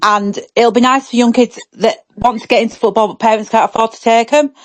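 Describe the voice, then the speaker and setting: A woman's voice: fairly high pitch, steady tone, brisk, no room sound, low-quality recording. A woman chatting on a fan podcast, often restarting and repeating her point. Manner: chatty, repeats herself mid-thought. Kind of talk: casual fan podcast chat.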